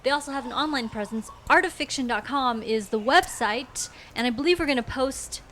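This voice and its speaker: Woman host, high bright voice, upbeat announcer delivery, faint noise behind. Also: a little fast. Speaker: show host. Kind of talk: hosting a live show, reading sponsor plugs.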